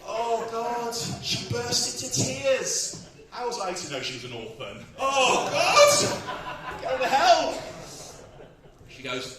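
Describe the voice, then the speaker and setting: A man's voice: extremely high pitch, huge pitch swings, slow, background noise. A man doing a bawdy, self-mocking stand-up set, laughing at his own jokes on a comedy club stage. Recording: echoey club with crowd, from far off. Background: audience laughing.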